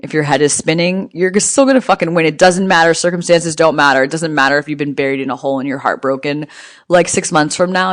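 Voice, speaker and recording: A woman's voice: very deep voice, no room sound, clean studio sound. Blunt, profane woman giving a pep talk. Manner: rhythmic, near-rhyming phrasing. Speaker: motivational speaker. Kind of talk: motivational monologue.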